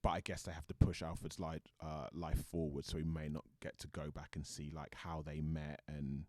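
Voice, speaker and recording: British man, very low voice, dead dry recording, casual interview, reflective. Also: flat delivery, normal speed, darkish tone, dry recording. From Britain. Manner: thoughtful, restarts often, talks it through. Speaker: actor guest.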